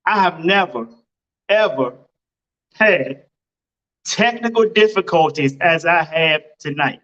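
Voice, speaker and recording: A man's voice: fairly high pitch, animated, slow pace, long pauses, fairly bright tone, muffled recording. A man hosting his own podcast, talking casually and emphatically, with lots of exclamations. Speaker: podcast host. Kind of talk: casual motivational podcast talk. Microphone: home computer setup microphone.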